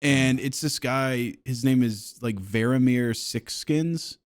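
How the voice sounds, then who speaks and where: A man chatting casually as a podcast co-host, pitched in the middle for a man. He tells stories with plenty of laughter and cheerful profanity. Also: takes it slowly. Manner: laughing, animated, profane storytelling. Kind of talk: casual chat.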